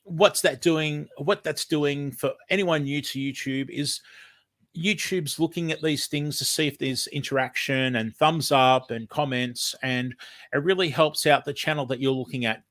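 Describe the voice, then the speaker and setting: A man's voice: on the high side, a little slow, fairly bright tone. Sniffly Australian man hosting a livestream. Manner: rambling and friendly, many ums. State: sniffly from hay fever. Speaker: livestream host. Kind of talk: casual livestream chat.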